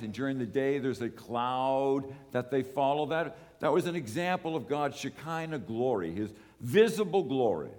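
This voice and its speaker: A man preaching a sermon as pastor, earnest and repeating words for emphasis, his voice swelling and dropping. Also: fairly high pitch. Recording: long echo of a large hall.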